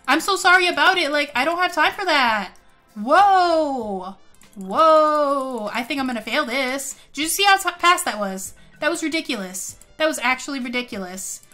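Excitable young woman gaming commentary. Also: high-pitched. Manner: excitable, gasping, says like a lot. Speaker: gaming YouTuber. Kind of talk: casual let's play commentary.

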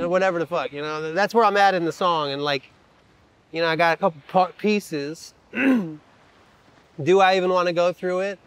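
A rapper and songwriter talking casually while working out a song, loose, rambling and profane, laughing often. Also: male voice, high-pitched, normal speed, a bit bright, clean tone. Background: his own acoustic guitar playing.

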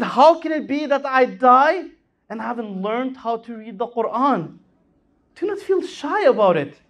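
Male preacher at a lectern mic, fervent sermon voice that swoops high and low. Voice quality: impassioned, rising and falling delivery. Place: Islamic center hall.

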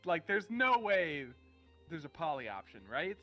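A man's voice: fairly high pitch, very animated, unhurried, pushed and bright, soft background music. A man co-streaming a game, chatting casually and joking around. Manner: jokey and playful. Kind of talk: casual let's-play chat.

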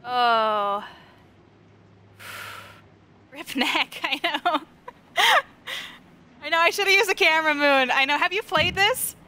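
A high, bright-voiced woman gives live commentary on a horror game from her couch at home. She talks close to the microphone, jumps at scares, giggles often, and chats with her viewers and her dog. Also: big pitch swings, slow pace, long pauses. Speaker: game streamer.

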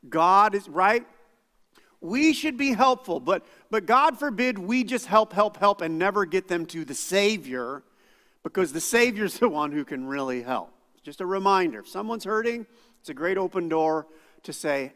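A middle-aged male pastor preaching a sermon, moving from quiet asides to loud outbursts. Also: high voice, lively intonation, moderate pace, long reverb tail. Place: church sanctuary.

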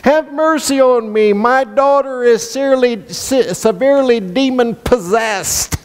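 A man's voice: extremely high pitch, a little slow, voice pushed up. A man voicing a desperate mother who begs for mercy for her daughter. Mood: begging. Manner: begging, urgent. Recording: long reverb in a church hall.

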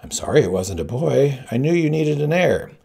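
A man's voice: medium pitch, big pitch swings, moderate pace, gravelly, dark tone, breathy edge, full character voice. Man voicing an anxious young queen. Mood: pleading. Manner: pleading then commanding.

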